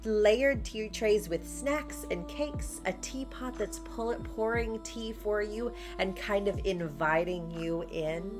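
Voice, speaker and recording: A woman narrating a tabletop game as game master, describing the scene in an unhurried way. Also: mid-range voice. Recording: faint background music.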